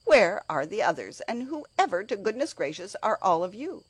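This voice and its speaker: A woman's voice: fairly low pitch, very animated, measured pace, husky, dry recording, exaggerated voice, low-quality recording. Scornful scolding nursemaid, as a woman puts her on. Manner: scornful, sharp.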